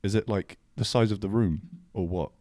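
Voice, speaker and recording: Low, dry-voiced man teasing deadpan. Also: moderate pace, dry recording. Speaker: podcast co-host. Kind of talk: casual chat.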